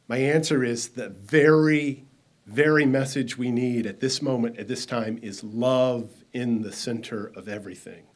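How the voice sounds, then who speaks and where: A man preaching a sermon in a church, slow and measured, leading the congregation in call-and-response. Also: mid-range voice. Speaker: minister. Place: church sanctuary.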